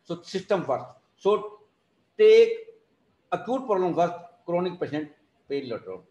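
A high-pitched man lectures students over a video call and keeps repeating the points he wants them to remember. His phrasing is non-native, and the room around him rings with echo. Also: very animated, normal speed, darkish tone. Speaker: teacher of alternative therapy. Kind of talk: online class lecture.

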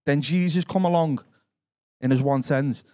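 A man's voice: a little high, normal speed, mellow. A man with a Liverpool accent doing live stand-up comedy. He swears and banters brashly with the crowd.

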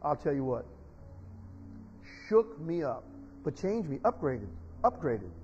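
High-voiced preaching man in a church. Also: very animated, takes it slowly, slight background noise. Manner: storytelling, rising to loud emotional preaching. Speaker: pastor. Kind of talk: sermon. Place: church sanctuary. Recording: dull sound in a reverberant church hall.

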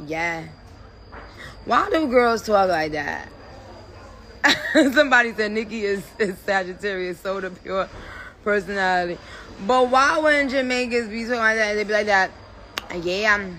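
A woman's voice: on the high side, lively intonation, a little slow, pauses often, sharp tone, slight background noise. A woman hosting her own live stream from her phone, talking loosely and playfully, swearing and trailing off mid-sentence. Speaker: livestream host. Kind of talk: casual livestream chat.

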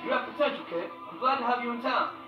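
High-pitched cartoon grown-up, chipper and quick, game dialogue, dull mix with loud music behind. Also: male voice, echoey room, distant mic.

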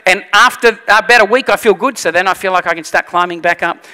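High, bright-voiced pastor preaching. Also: male voice, fast, clean tone, long reverb tail. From Australia. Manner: animated storytelling, acts out voices. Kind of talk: sermon.

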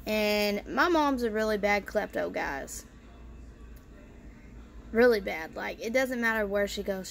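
A woman's voice: mid-range voice, creaky. A woman vlogger telling a family story in casual style, bluntly and with free swearing. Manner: blunt, swears freely, lots of "you know" fillers.

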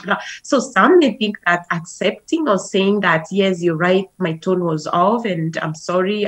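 A woman's voice: on the low side, breathy edge, low-quality recording. A woman guest on a talk show, speaking in a conversational way with a lot of "you know" fillers.

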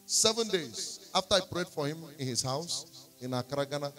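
Over faint background music, a Nigerian-accented man preaches in church at an ordinary speed. His voice is fairly high and expressive, and as a prophet he tells a testimony, switches into pidgin, and rises to shouting and singing.

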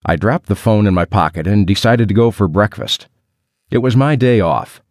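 Man, lowish voice, animated intonation, dry close recording, wry first-person audiobook narration. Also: normal speed, no room sound.

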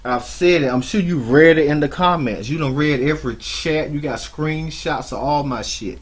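A man giving mocking reaction commentary on another streamer's clip, scolding her with drawn-out asides. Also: on the high side, husky. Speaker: YouTube commentator.

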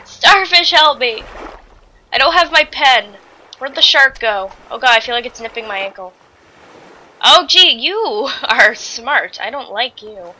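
A woman's voice: high voice, lively intonation, unhurried, sharp tone, poor audio. A woman doing let's play commentary on a survival game, frantic and swearing, yelping and shrieking. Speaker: gamer playing a survival game.

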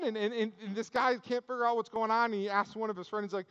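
A man's voice: high-pitched, fairly even intonation, fast talker, few pauses, fairly bright tone, smooth, long reverb tail, muffled recording. A man preaching a sermon as pastor, telling stories casually with jokes and asides. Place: church sanctuary.

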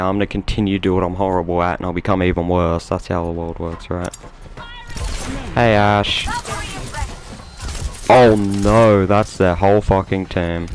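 An Australian man giving live commentary over his own game, swearing and mocking himself with sudden excited outbursts. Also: sits low. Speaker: gameplay commentator. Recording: game music loud behind voice.

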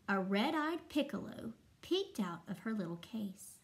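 A young adult woman, a first-grade teacher, reading a story aloud to children expressively with long pauses. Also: medium pitch, big pitch swings.

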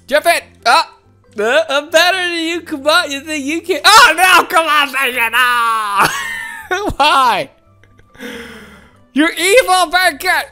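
A woman hosting a gaming channel, giving excitable, playful let's-play commentary with frequent laughs and shouts. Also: sits high.

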